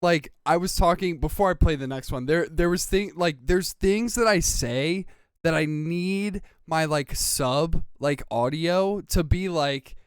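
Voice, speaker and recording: A man's voice: a little high, measured pace, clean tone, no echo, clean studio sound. A man hosting a podcast stream, chatting casually and rambling with lots of filler words and swearing. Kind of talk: casual chat.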